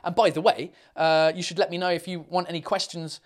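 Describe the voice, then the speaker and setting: A man's voice: high-pitched, little pitch movement, brisk. A man hosting a casual live stream, rambling bluntly with lots of fillers and the odd swear while answering viewer questions.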